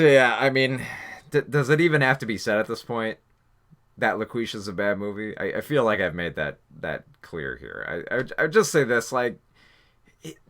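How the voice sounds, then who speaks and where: A man reviewing a film in a casual spoken style, exasperated and halting with many restarts. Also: lowish voice, pushed and bright.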